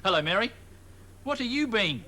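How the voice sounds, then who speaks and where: An actor playing a smug, mock-cheerful children's TV co-presenter who slips in sly digs. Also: male voice, high voice, big pitch swings, moderate pace, crowd noise. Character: snide man kids' TV co-presenter.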